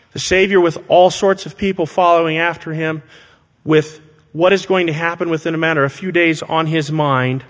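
A man preaching a sermon to his congregation, speaking deliberately and with emphasis and asking rhetorical questions. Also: on the high side. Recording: long hall reverb.

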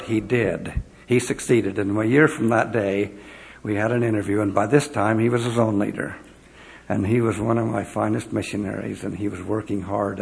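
Gravelly man telling earnest mission stories. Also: fairly low pitch. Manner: earnest storyteller acting out remembered dialogue. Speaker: former mission president addressing an audience. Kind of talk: devotional talk with personal stories.

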